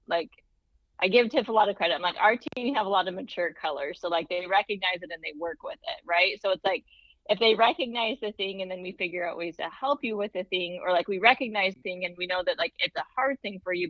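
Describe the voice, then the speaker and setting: Woman co-host, lower voice, dull dry sound, thoughtful, lots of fillers. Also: a little fast, no echo. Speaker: podcast co-host. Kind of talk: casual podcast chat.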